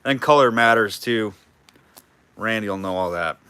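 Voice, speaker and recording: Male auctioneer for a live online sale, chatty and jokey, bright forward voice, calls bids in between banter. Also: on the low side, normal speed, smooth, dry recording. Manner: chatty, jokey, reads out bids and names viewers.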